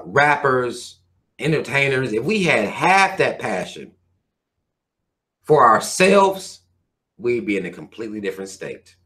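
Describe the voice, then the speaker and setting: A man's voice: medium pitch, sharp tone. A man hosting his own channel, reading viewer comments and ranting in a heated, profane, preachy way. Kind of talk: casual rant to viewers.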